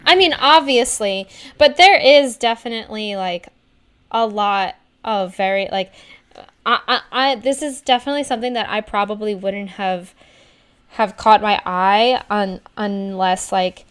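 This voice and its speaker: Woman cohost on a podcast, smooth voice, kinda rambly and hesitant. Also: mid-range voice, a little slow, fairly bright tone. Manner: rambling, hesitant, restarts a lot. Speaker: podcast co-host. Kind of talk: casual podcast chat.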